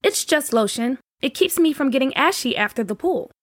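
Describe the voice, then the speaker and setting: A woman voicing Adalia, a shy, quiet new girl who speaks in a soft, hesitant, low-key way in a children's audio story. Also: expressive, moderate pace, no room sound, studio quality.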